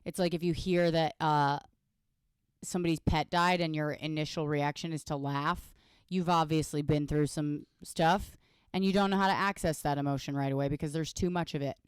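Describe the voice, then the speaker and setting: Clear-voiced woman, bantering podcast host. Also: low voice, fairly even intonation, moderate pace, dry recording, studio quality. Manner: candid, laughs easily, banters. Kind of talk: casual podcast chat.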